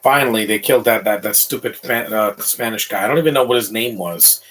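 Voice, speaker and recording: A man's voice: lowish voice, a little fast, fairly bright tone, rough recording. A man in his thirties giving casual, opinionated live commentary over a movie, rambling with frequent restarts.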